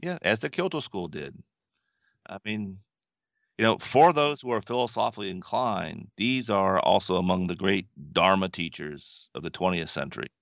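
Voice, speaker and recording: A low, gravelly man from the western US speaks earnestly, like a teacher in conversation, often drifting into storytelling. The sound is dry and a little dull. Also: lively intonation, moderate pace, no room sound. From western United States. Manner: storytelling, earnest, laughs softly. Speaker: Buddhist teacher and guest.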